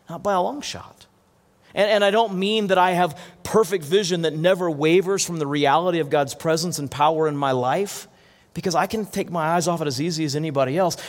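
A man preaching a sermon as pastor, earnest, often restarting and repeating words. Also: high voice. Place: church hall. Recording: long hall reverb.

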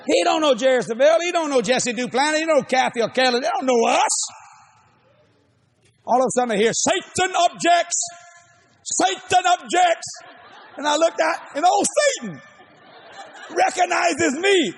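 A middle-aged man preaching a sermon, telling a story with shouts, laughter and acted-out voices. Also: very high voice, animated, normal speed, pauses often, a faint crowd.

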